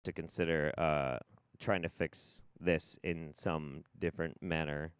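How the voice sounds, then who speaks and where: A man's voice: extremely low pitch, fairly even intonation, measured pace, smooth, no room sound. A man hosting a live stream, talking casually in a profane, exasperated, rambling way.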